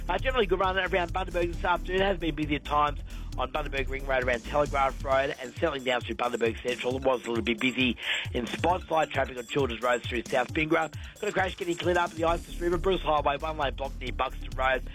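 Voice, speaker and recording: A man's voice: fairly high pitch, fairly bright tone, soft background music, low-quality recording. A man with an Australian accent reading radio traffic updates and chatting casually on air. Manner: brisk, upbeat delivery. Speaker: traffic reporter. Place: radio studio.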